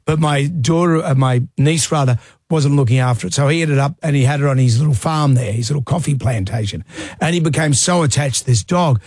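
A man's voice: fairly high pitch, brisk, darkish tone, no room sound, clean studio sound. Easygoing radio co-host man. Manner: supportive, joking, easygoing. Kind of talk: casual radio chat.

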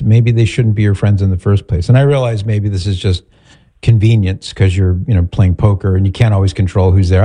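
A man hosting an advice show, calmly and directly counselling a caller. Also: fairly low pitch. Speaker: host giving advice to a caller. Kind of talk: advice call-in talk.

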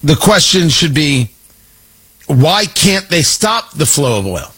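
A man's voice: a little high, sing-song, takes it slowly, a bit bright, slightly rough. A man delivering an emphatic, sarcastic political commentary monologue, hammering his points through repetition.

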